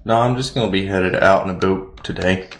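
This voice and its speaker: A man with a very deep voice sounds groggy, as if he just rolled out of bed, and jokes around in a relaxed way. His voice carries a roomy echo. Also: fairly quick, vocal fry. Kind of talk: casual group chat.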